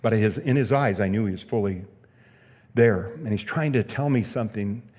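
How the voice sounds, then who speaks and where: A man's voice: on the low side, moderate pace, a little mellow. Earnest male preacher in a reverberant hall. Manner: earnest storytelling preacher, emphatic repeated phrases. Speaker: pastor. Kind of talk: sermon.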